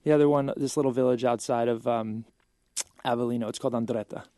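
A man in his thirties, a filmmaker and actor, tells animated stories as a talk-show guest, laughing often and using plenty of fillers. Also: medium pitch, quick pace, no echo. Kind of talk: casual interview storytelling.

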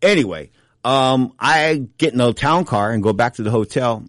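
A middle-aged man hosting a boxing talk show, telling rambling stories full of restarts and asides, and jumping up in pitch for emphasis. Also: normal speed, fairly bright tone, no echo, studio quality. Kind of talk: casual anecdotal storytelling.

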